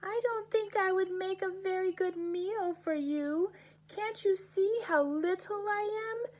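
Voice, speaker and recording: A woman's voice: extremely high pitch, takes it slowly, pitched above the performer's own voice. A woman voicing a small, frightened young billy goat who pleads eagerly to be spared. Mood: pleading.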